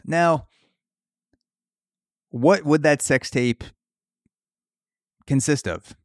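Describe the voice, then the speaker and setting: A man's voice: on the high side, drawn-out words, pauses often, no room sound, clean studio sound. A man hosting a podcast, riffing through a profane comedic solo monologue. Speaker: podcast host.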